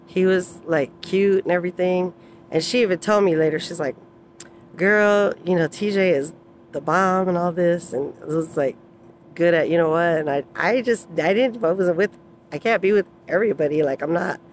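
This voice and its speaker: A woman's voice: on the low side, moderate pace, a little hiss or hum. Rambling woman vlogger, laughing often. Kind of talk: casual personal storytelling.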